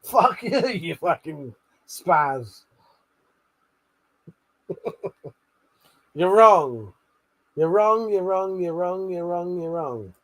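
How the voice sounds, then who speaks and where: A man's voice: high-pitched, animated, very slow, long pauses, fairly bright tone. A man hosting a late-night livestream, chatting with viewers while he swears a lot, laughs often and bickers. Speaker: livestream host.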